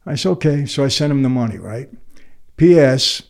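A man's voice: medium pitch, normal speed, creaky. Older New man telling stories. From New York. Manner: animated, acts out the other people's lines. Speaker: guest. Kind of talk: storytelling in conversation.

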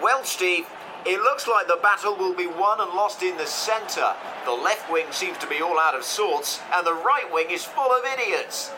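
A pompous, rambling football reporter in a high, reedy voice, delivering a report full of puns. Clear crowd and stadium noise sit behind him on the line. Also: male voice, animated, moderate pace. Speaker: pitch-side reporter.

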